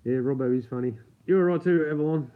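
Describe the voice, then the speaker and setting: A man's voice: on the high side, fairly quick. A man with an Australian accent chatting casually with viewers during a live stream, swearing freely, laughing often, and keeping his voice down late at night at home. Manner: keeps his voice down. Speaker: livestream host. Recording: tinny phone-like sound.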